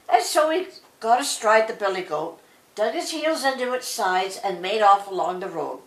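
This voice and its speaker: An older woman reading a bedtime story aloud, with an expressive storytelling manner. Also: medium pitch, moderate pace. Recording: roomy echo.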